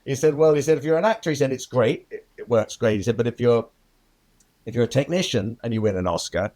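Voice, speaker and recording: An older man tells stories from his career in an interview. His voice sits at a middle pitch, and he talks in a lively way, laughing often and putting on the voices of the people he quotes. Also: quick pace. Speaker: film editor, guest. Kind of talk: anecdotal interview storytelling.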